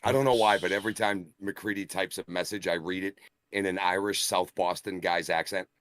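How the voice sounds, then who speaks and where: Deep-voiced man joking on a live show. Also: fairly even intonation, a little fast, a bit bright, no echo, studio quality. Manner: joking, laughs often, slips into put-on Boston voices. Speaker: wrestling show co-host. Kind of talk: casual live-stream banter.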